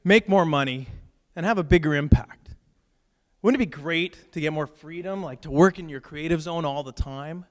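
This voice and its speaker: Man, 40s, business coach, casual and chatty, high voice, long reverb. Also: normal speed. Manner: chatty and upbeat, peppered with "like" and "right?". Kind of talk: casual talk to camera.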